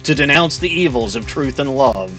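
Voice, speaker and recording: A man playing a composed assassin who lays out each word slowly and deliberately. Faint game music plays under his mid-pitched voice. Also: expressive, a bit bright, lightly acted. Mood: cold. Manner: slow, deliberate, formal delivery. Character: calm, measured male professional assassin.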